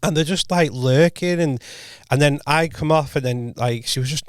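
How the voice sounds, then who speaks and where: A man co-hosting a podcast, telling a rambling anecdote in casual chat, full of self-corrections and quoted dialogue that he voices quietly. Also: fairly high pitch, normal speed, smooth, no echo, clean studio sound. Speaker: podcast co-host and comedian. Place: podcast studio.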